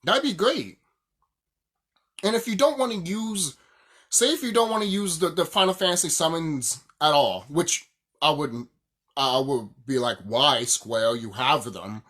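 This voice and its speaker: A man's voice: high-pitched, expressive, a little slow, pauses often, fairly bright tone. Heated, swearing young man ranting. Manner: heated, profane, laughs often, repeats himself. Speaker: YouTuber ranting about games. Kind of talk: casual profane rant.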